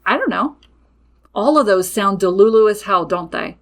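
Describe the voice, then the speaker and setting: A woman's voice: medium pitch, expressive, normal speed. Woman rambling on her podcast, matter of fact, swears a lot, mid-range voice. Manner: blunt, matter-of-fact, laughs and swears freely. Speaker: podcast host and witchcraft business owner. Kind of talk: casual podcast monologue.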